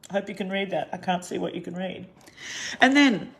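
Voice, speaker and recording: A woman's voice: lowish voice, flat delivery, quick pace, a little mellow. A middle-aged Australian woman giving an angry, impassioned monologue straight to camera, ranting with heavy emphasis. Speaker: vlogger.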